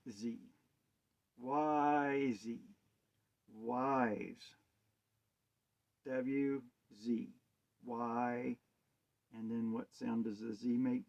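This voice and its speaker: A man's voice: mid-range voice, creaky, a little mellow. A man giving a rambling, hesitant monologue on wordplay and scripture, asking musing rhetorical questions. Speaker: self-styled preacher. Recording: dull lo-fi sound.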